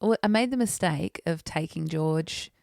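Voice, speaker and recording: A woman co-hosting a podcast, telling an animated story in casual chat and laughing often. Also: low voice, unhurried, vocal fry, no echo, studio quality. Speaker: podcast co-host.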